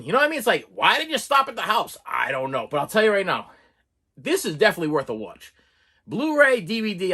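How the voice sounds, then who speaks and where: A man's voice: high-pitched, brisk, husky. A man reviewing a movie in a casual, exasperated rant, full of repeats and restarts. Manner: animated, exasperated, repeats himself.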